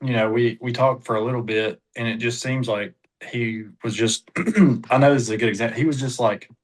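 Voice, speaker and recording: A man's voice: mid-range voice, steady tone, brisk, rough recording. A man, a car salesperson being coached, talking hesitantly with lots of fillers. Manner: hesitant, full of "you know" fillers. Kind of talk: casual talk in a coaching session.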